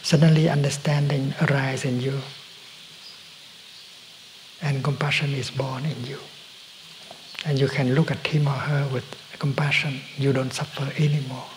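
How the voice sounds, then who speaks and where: Gentle, halting man giving a dharma talk. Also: medium pitch, a little hiss or hum, poor audio. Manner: slow, gentle, halting with many pauses and soft whispered stretches. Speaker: meditation teacher.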